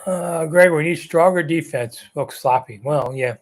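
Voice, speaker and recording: Speaking at a measured pace with a fairly high pitch, this man in his 60s hosts a live sports chat. He works through viewer comments conversationally, rambling and dropping frequent ums and uhs.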